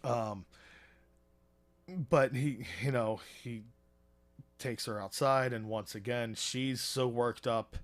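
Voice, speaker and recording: A man's voice: mid-range voice, steady tone, slow pace, long pauses. A man co-hosting a podcast, retelling a TV episode in a loose, chatty way, with many fillers and small chuckles. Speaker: podcast co-host. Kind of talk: casual episode recap chat.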